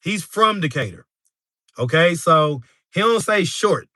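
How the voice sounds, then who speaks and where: Laid-back chatty male streamer, bright voice. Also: fairly high pitch, expressive, a little slow, dry recording, studio quality. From New York. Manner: laid-back, laughs often, talks straight to the chat. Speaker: street interview channel host. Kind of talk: casual livestream chat with viewers.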